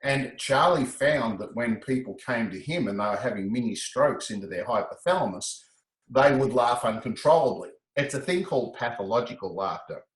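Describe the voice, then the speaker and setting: A middle-aged man, a guest telling his story in a casual interview, animated and quick to laugh. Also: medium pitch, roomy sound, rough recording. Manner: animated, breaks into laughter, repeats words.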